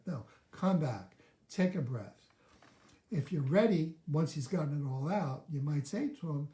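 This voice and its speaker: A man coaching on a live video, his voice set a touch high with a mellow, warm tone. He explains things step by step and slips into short acted lines of dialogue. The sound is roomy and echoey. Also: expressive, a little slow. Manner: instructive, walks through steps and acts out sample dialogue. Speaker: relationship coach.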